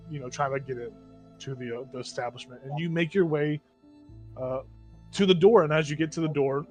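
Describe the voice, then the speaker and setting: A man running a tabletop game as game master, in a casual, rambling style with plenty of fillers. His voice sits fairly high, with soft music underneath.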